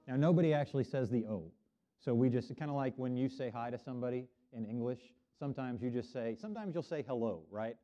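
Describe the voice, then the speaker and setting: Middle-aged man, pastor's children's sermon, warm low-key tone, dull lo-fi church recording. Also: quick pace. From Oklahoma. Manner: friendly, teaching kids to repeat words. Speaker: minister. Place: church sanctuary.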